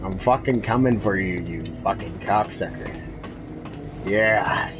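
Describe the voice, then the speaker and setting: A man's voice: lowish voice, a little slow, over music. A man giving profane, frustrated gameplay commentary while he plays. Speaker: gamer. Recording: clear background noise.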